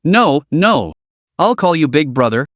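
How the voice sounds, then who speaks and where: Storybook recap: man reading a flippant, spoiled teenage young master, lively and fairly high-pitched. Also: a little slow, no echo, studio quality. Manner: plain storytelling read, little change of voice. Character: spoiled rich teenage boy, flippant and rude.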